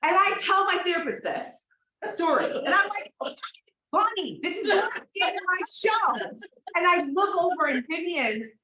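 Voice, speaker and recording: A woman performing a profane, confessional comedic story on a theater stage, swinging between loud bursts and hushed asides. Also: extremely high pitch, animated, normal speed, echoey room, slight background noise, low-quality recording. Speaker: solo performer.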